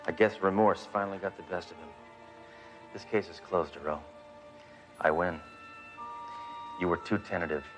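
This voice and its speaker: A man's voice: low-pitched, fairly even intonation, normal speed, pauses often, faint music behind, lightly acted, rough recording. An actor playing a brash, trigger-happy male police detective in a sitcom, cocky and blunt. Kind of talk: 1980s sitcom acting.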